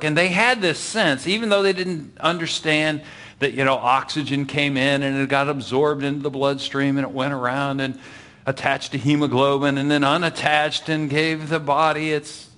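A man's voice: on the high side, fairly bright tone. Man teaching a Bible lesson. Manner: explains patiently, asks the audience for agreement.

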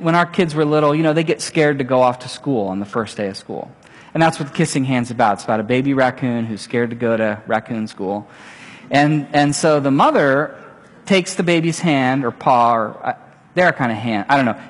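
A middle-aged man preaching a sermon, telling stories and acting out little voices as he goes. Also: medium pitch. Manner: animated, storytelling with acted-out voices. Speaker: pastor. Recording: long hall reverb.

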